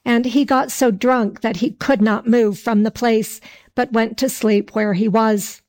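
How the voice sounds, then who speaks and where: Slow, higher-voiced woman reading a folk tale. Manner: slow, even, old-fashioned phrasing. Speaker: narrator.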